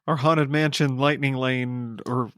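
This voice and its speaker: A man's voice: medium pitch, fairly even intonation, measured pace, a bit bright, clear, resonant tone, no echo, studio quality. A man co-hosting a podcast, chatting casually in a playful, nervously jokey way. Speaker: podcast co-host. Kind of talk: casual chat.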